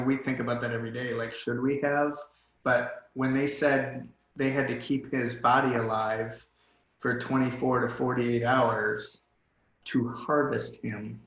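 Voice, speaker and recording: A man's voice: medium pitch, a bit bright, roomy sound, highs cut off. Earnest man telling a story on a call. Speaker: guest. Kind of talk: personal storytelling in a Q&A. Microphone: video call.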